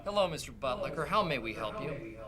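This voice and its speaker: An actor playing a self-important regional manager coaching his staff, in a sitcom clip with loud audience noise. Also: mid-range voice, sing-song, brisk, over a noisy crowd, natural voice. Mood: bossy manager. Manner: bossy, showy, coaching. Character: bumbling self-important male office boss.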